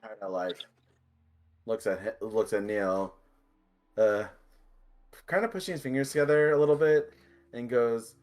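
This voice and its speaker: A man's voice: medium pitch, measured pace, long pauses, darkish tone. A man playing a character in a tabletop game, describing his character's actions and speaking lines in character, laughing often. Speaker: player.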